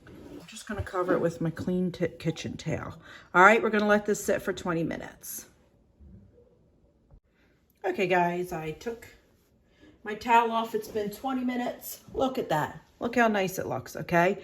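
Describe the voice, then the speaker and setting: A woman's voice: on the low side, normal speed, pauses often, a little hiss or hum. A middle-aged woman chatting casually through a home baking demonstration, rambling with fillers and restarts, her voice a little shaky from kneading.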